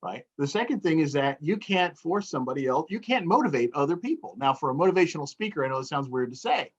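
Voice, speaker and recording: A man's voice: fairly high pitch, big pitch swings, fast talker, breathy edge, muffled recording. A man who is a motivational speaker, chatting in an interview and acting out tones of voice to explain a point. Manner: demonstrates tone by acting out phrases. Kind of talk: casual interview chat.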